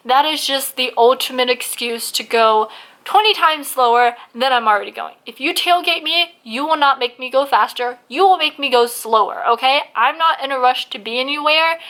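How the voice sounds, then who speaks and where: A woman's voice: sits high, pushed and bright. A woman ranting in a casual vlog, blunt and full of swearing, who says she is losing her voice. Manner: blunt, swears a lot, heavy use of "like". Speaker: vlogger.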